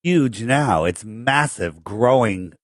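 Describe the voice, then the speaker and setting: A man's voice: medium pitch, lively intonation, slow, dry recording, clean studio sound. A man who is a guest on a podcast, talking in a blunt, confident way. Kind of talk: casual chat.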